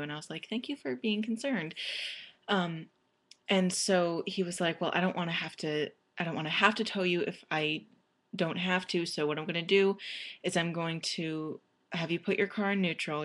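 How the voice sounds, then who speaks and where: A woman's voice: low voice, a bit bright. A young woman telling a personal story casually, rambling with many fillers and restarts.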